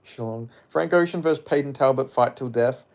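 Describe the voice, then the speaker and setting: A man's voice: medium pitch, brisk, a little mellow. A man from Perth with an Australian accent, chatting casually on a live stream, rambling, joking and swearing as he reads chat. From Perth, Western Australia. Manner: rambling, jokey, swears freely, mumbles asides.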